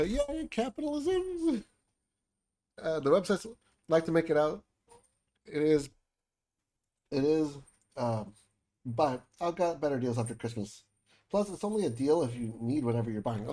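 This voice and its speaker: An American man streams a game, chatting casually and joking with his viewers while reading the game's dialogue aloud. His voice is fairly high-pitched and warm.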